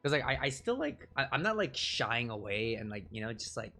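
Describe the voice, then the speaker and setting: Dude streaming, rambly self-roasting story time, tons of likes and ums, medium voice, quiet music in the background. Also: male voice, medium pitch, big pitch swings, a little fast. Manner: rambling, filler-heavy, self-deprecating; chuckles often between phrases. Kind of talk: casual live-stream storytelling.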